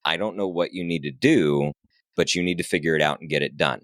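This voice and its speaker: A man with a very low voice tells a race story, casual and lively. He plays out each quoted line and drops the odd curse. The sound is dry and close. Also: a little fast, dry recording. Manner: animated, acts out quoted dialogue, swears casually. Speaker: podcast guest, ultrarunner.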